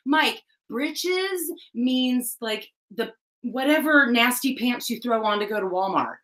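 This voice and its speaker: Chatty, bright-voiced Southern woman. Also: a little high, slow, rough recording. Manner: chatty, animated, laughs often, lots of "like". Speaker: co-host of a live horse chat show. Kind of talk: casual live-stream chat.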